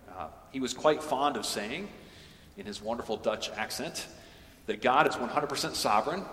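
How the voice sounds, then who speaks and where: A man giving a measured, earnest sermon in a large hall, with frequent ums and uhs. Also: fairly low pitch, fairly bright tone, a little hiss or hum. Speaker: chapel speaker. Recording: roomy hall from a distance.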